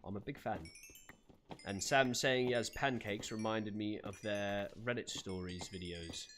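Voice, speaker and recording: A man's voice: lowish voice, fairly even intonation, measured pace, noisy background. Chatty man streaming in character. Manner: chatty, laughs often, greets viewers by name; puts on an accent for his character. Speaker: streamer playing a roleplay character. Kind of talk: live gaming stream chat in character.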